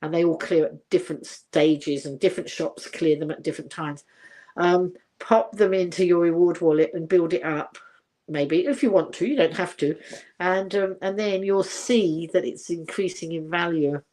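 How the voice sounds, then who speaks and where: An older woman talks casually to her livestream viewers, pitched a little low. She rambles, restarts her sentences and reads out comments as they come in. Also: steady tone, normal speed, warm tone. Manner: rambling and chatty, many fillers and restarts. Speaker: livestream host.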